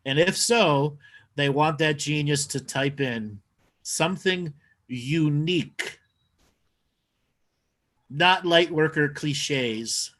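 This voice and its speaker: A man's voice: fairly high pitch, slow pace, long pauses, a bit bright. A man co-hosting a live comedy talk show, delivering absurd claims in a dry, matter-of-fact way. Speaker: co-host.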